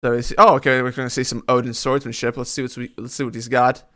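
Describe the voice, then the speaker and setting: A man's voice: mid-range voice, level tone, fast talker, bright, forceful tone. A man streaming a live reaction to a comic chapter, reading lines aloud and making sarcastic, critical remarks.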